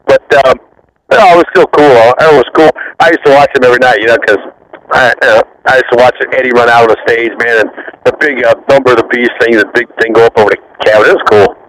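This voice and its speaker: A man in his fifties, a former rock bassist, rambling through profane backstage stories and laughing often. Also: fairly even intonation, fast talker, a bit bright, slight background noise, rough recording. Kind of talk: casual interview storytelling.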